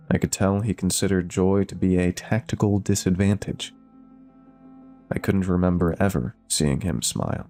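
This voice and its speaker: Low mellow male horror narrator. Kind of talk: scripted horror story narration.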